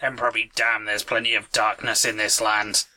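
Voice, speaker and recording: A man voicing his character in a tabletop game in a blunt, gruff way. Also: on the low side, level tone, moderate pace, background noise. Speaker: player. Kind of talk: in-character roleplay.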